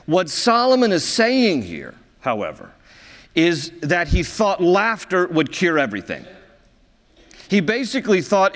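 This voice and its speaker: In a church sanctuary with long reverb, a male pastor with a notably high, fairly bright voice tells funny stories within his sermon. His pitch swoops wildly, he speaks a little slowly, and he frequently breaks into cheerful laughter.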